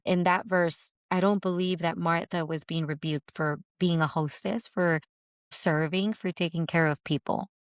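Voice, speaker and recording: Lady host doing a reflective faith talk, kinda low voice, earnest and repetitive, dry sound. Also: no echo. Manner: earnest, repetitive emphasis, quotes scripture. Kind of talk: reflective spoken teaching.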